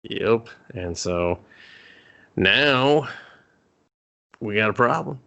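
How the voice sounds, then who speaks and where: A man with a gravelly, creaky voice sits at the mic and chats loosely about a film, cursing often. He slips into short, jokey impressions of the characters as he goes. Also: medium pitch, a bit bright, lo-fi sound. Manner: profane, jokey, acts out characters in quick bits. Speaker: podcast co-host. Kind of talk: casual movie recap chat.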